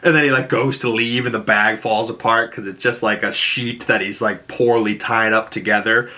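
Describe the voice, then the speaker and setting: A man with a Boston accent hosts a casual TV recap, his voice bright and forceful. He laughs often and slips into high put-on voices to act out lines. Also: fairly even intonation, normal speed. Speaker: YouTube show host.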